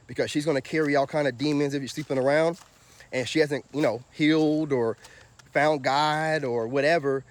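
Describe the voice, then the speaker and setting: A high-pitched man talking straight to his livestream viewers as a spiritual vlogger. He lectures in a preachy tone and keeps asking rhetorical questions. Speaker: spiritual vlogger and tarot reader. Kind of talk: livestream monologue.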